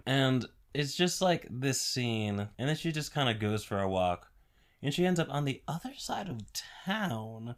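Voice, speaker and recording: A man with a fairly low voice talks through a movie plot in a loose, chatty way. He rambles, repeats himself and fills gaps with fillers as he recaps the story for his viewers. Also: a bit bright. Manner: rambling, chatty, full of fillers and quoted dialogue. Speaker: reviewer. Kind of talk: casual movie recap voice-over. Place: home, over a speedpaint video.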